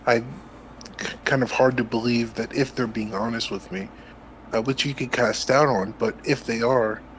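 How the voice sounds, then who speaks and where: A man's voice: mid-range voice, slight background noise, rough recording. A man calling in to a casual debate, talking hesitantly with many fillers and restarts.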